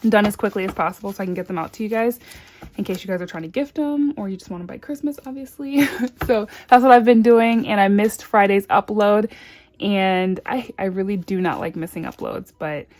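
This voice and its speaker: A woman chatting casually in her vlog, bubbly and excitable, gasping and squealing over packages. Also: medium pitch, fairly quick. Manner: murmured counting of cash. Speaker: budgeting vlogger.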